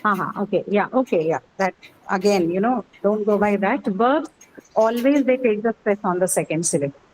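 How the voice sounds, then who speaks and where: A woman at a middle pitch teaches a class and walks through each point in turn. She keeps stopping to ask "okay?" to check that the student follows. A faint hiss of background noise sits under her voice. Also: moderate pace, a little mellow, low-quality recording. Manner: explains step by step, often checking with "okay?". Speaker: English teacher. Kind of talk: online class lecture.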